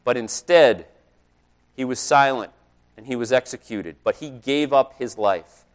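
A middle-aged man, a pastor, preaching a conversational sermon and telling personal stories, growing louder on key points. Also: medium pitch, unhurried.

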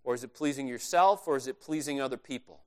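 A man's voice: medium pitch, fast talker, clear, resonant tone. A male pastor preaching a sermon in a conversational, earnest way, stressing his key points.

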